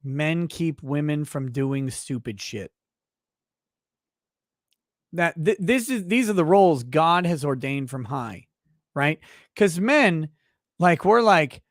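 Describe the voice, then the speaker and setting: A man's voice: fairly high pitch, animated, takes it slowly, pauses often, no echo, studio quality. A man hosting a livestream who rants in a blunt, profane, riffing way. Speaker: livestream show host. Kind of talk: casual livestream rant.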